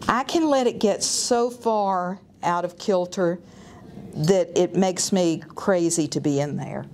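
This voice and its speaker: A woman's voice: fairly low pitch, slow pace, a little mellow, slight background noise. A woman artist from the US South giving a live painting demonstration, chatting enthusiastically and thinking aloud as she works. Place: art studio or gallery room.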